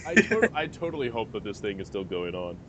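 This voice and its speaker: A man co-hosting a casual podcast, tossing in quick reactions and teasing questions. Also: on the low side, very animated, crowd noise. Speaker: podcast co-host. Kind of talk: casual chat.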